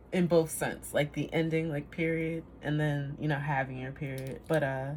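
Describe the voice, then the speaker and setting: A woman's voice: low voice, level tone, normal speed, hardly any pauses, a little hiss or hum. A woman giving a casual tarot reading to camera, rambling, trailing off and laughing at herself. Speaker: tarot reader.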